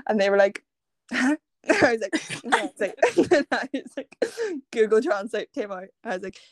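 A woman's voice: fairly high pitch, sing-song, moderate pace, no room sound. A young Irish woman in her twenties, a podcast guest telling a long casual story and laughing often. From Ireland. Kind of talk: casual chat.

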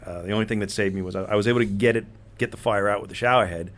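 A man's voice: fairly low pitch, steady tone, very fast. A man and former police officer in casual conversation, hesitant with lots of fillers.

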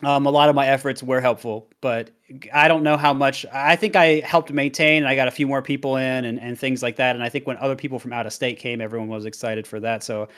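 A man's voice: medium pitch, steady tone, quick pace, a bit bright. A young man answering interview questions about his past with candor and self-deprecating honesty, reflecting at length. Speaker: guest, competitive player and streamer.

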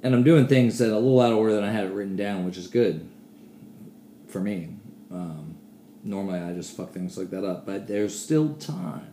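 A man's voice: deep voice, normal speed, warm tone, roomy sound, slight background noise. Rambling, profane male podcast host. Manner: rambling, profane, self-deprecating. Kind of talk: casual solo podcast monologue.

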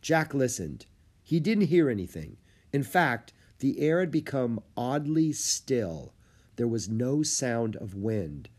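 A man narrating a children's book with lively storytelling. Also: mid-range voice, slow pace. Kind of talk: audiobook reading of a children's book.

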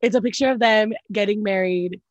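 Woman co-host, casual gossip, animated delivery, dry mic. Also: mid-range voice, brisk, no room sound, muffled recording. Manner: animated, says "like" a lot, acts out quoted reactions. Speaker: podcast co-host. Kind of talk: casual celebrity gossip chat.

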